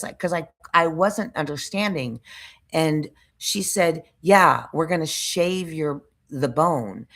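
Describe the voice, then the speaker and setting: Gravelly low-voiced woman telling a story. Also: moderate pace. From United States. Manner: frustrated, rambling retelling with restarts and searching for words. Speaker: vlogger. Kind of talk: casual storytelling monologue.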